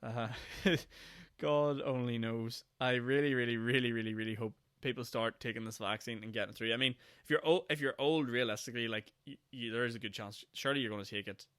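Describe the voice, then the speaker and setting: A young man with a Northern Irish accent, rambling through a solo podcast with a sarcastic edge and quick mock voices. His tone is bright and clean, and he sounds tired. The sound is dry and close. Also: medium pitch, fairly even intonation, smooth, no room sound. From Northern Ireland. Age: 20s. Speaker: podcast host. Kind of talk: casual solo podcast monologue.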